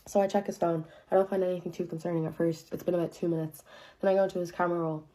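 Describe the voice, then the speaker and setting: A young woman with a fairly low, warm voice races along in a level tone. She tells a dramatic personal story casually, swearing, using "like" heavily, and sounding incredulous about it all.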